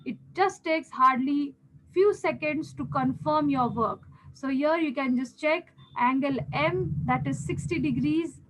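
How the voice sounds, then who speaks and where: A woman's voice: sits high, poor audio. A woman with an Indian English accent, teaching a geometry lesson step by step, patiently repeating key steps and checking in with her students. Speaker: maths teacher.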